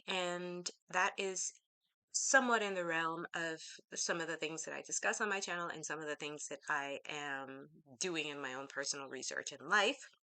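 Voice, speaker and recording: Low-pitched, bright-toned woman vlogging. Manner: chatty, rambling, self-correcting with laughs. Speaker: teacher. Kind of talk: casual chat to camera.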